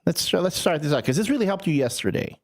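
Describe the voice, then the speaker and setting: Lively male radio host. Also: fairly high pitch, quick pace. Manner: animated, jokey, breaks into silly voices. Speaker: radio morning show host. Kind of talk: casual radio banter. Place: radio studio.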